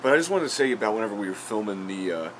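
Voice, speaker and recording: A man's voice: lowish voice, sing-song, very fast, a little hiss or hum. A man hosting a podcast, telling a casual story full of fillers and offhand swearing. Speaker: podcast host and comedian.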